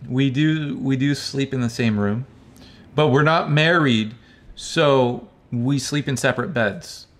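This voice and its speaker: A man's voice: mid-range voice, takes it slowly, fairly bright tone. A man from the United States hosting a livestream, reading out viewer chat and answering in a loose, rambling, friendly way, calling people bro. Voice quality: calls his own speech hick-like.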